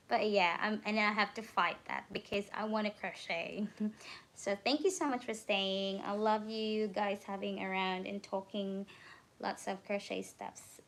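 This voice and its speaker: A woman hosting a late-night crafting livestream, talking slowly and easily at a middle pitch. She sounds a little drowsy and keeps stopping with ums to hunt for words. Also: a bit bright. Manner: unhurried, searching for words with many ums. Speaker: crochet livestream host. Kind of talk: casual livestream chat.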